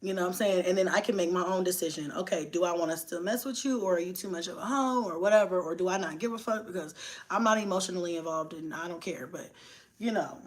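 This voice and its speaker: A woman's voice: on the low side, quick pace. A young woman, chatting bluntly and profanely on a live stream and laughing often. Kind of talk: casual live-stream chat.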